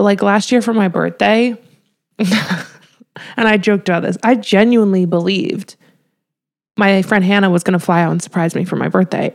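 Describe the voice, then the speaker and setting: Podcast co-host, young woman with a gravelly edge, relaxed and candid. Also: mid-range voice. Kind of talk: casual chat.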